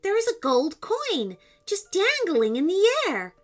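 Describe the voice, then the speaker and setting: A woman voicing a curious, excitable little boy, the younger brother. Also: extremely high pitch, unhurried, voice pushed up, heavily acted. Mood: excited.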